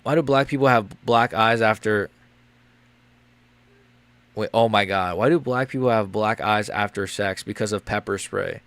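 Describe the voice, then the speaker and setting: A young man live-streaming a fight watch-along, rambling and crude, quick to get loud. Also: lowish voice, clean tone, no room sound.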